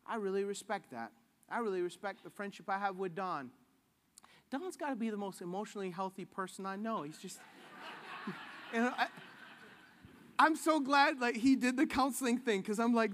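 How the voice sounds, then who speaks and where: A man's voice: high voice, lively intonation, moderate pace, pauses often, fairly bright tone, big-room sound, slight background noise. A man preaching a sermon in a casual, joking way, acting out the voices he quotes. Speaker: pastor.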